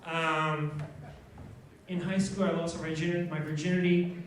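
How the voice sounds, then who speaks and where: Wry high-voiced male comic, self-deprecating, caught from a distant camera. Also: level tone, measured pace, a little hiss or hum. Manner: wry, self-deprecating, laughs at own jokes. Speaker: stand-up comedian. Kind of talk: stand-up set. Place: small pub stage. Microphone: far handheld camera. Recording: echoey pub from a far camera.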